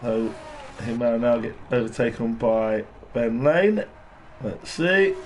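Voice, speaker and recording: A man giving relaxed live commentary on an online race and greeting viewers in the chat. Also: mid-range voice, slow. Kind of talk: live sim-racing commentary. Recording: noisy stream with engine sound behind.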